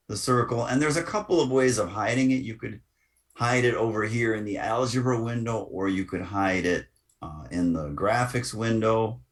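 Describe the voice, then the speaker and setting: A man giving a screen-recorded software lesson as the instructor, talking through each click with casual asides. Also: lowish voice.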